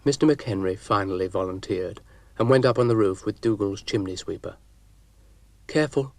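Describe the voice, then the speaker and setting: A man narrating a children's story with a dry, gently wry delivery. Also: on the low side, a little fast, dry recording.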